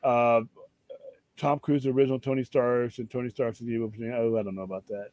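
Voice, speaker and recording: Male stream host, middle pitch, loose and profane, dry close mic. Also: fairly quick, dry recording. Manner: rambling, profane, animated. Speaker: show host. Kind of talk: casual stream chat.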